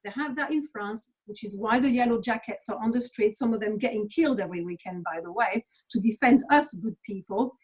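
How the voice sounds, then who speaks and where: A woman's voice: mid-range voice, brisk, few pauses, slightly rough, poor audio. A woman from England, speaking as an interview guest in a blunt, sweary, emphatic rant. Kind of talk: casual conversational rant.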